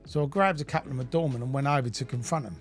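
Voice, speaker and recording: A man's voice: mid-range voice, racing, soft background music. A middle-aged British man reading his own memoir aloud, blunt and full of swearing. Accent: British English. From United Kingdom. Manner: blunt, heavily profane storytelling. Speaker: narrator of his own life story.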